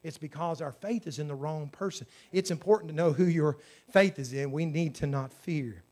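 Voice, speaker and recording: A man preaching a sermon, moving between loud exclamations and quiet, hushed asides. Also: a little high, normal speed. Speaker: pastor.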